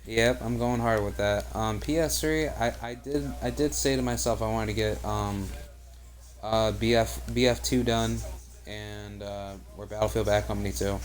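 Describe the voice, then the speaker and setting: A man's voice: fairly low pitch, fairly even intonation, normal speed. Rambling, profane young man. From United States. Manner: rambling, profane, heavy on "like" and "you know". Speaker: video game streamer. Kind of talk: live gameplay commentary and casual chat.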